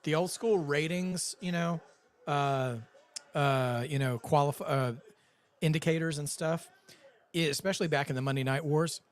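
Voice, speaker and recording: A man's voice: fairly high pitch, moderate pace. A man co-hosting a live wrestling watch-along in casual chat, rambling and chatty.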